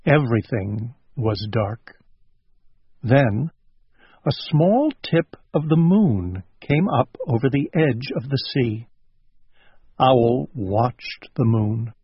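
Male storybook reader, unhurried and gentle, lively pitch; dry, close sound. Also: slightly rough, no echo. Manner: slow and gentle. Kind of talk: storybook read-aloud. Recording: dull lo-fi recording.

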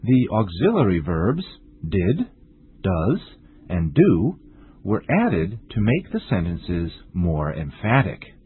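A man teaching an English lesson in a slow, deliberate, strongly stressed scripted delivery, with a husky voice. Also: deep voice, huge pitch swings, no room sound. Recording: tinny lo-fi dry recording.

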